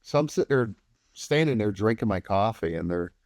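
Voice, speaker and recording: A man guesting on a podcast who tells stories in a relaxed, animated way, acts out what other people said, and swears casually. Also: on the low side, fairly quick, no room sound, clean studio sound. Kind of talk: casual anecdotal storytelling.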